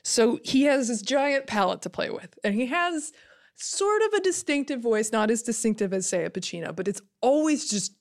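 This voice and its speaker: A woman hosting a casual film podcast discussion, relaxed and conversational, quick to laugh. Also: a little high.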